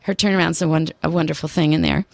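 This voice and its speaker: A woman hosting a radio interview, soft-spoken and thoughtful, sometimes reading story passages aloud. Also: deep voice, sing-song, very fast, gravelly, dry recording.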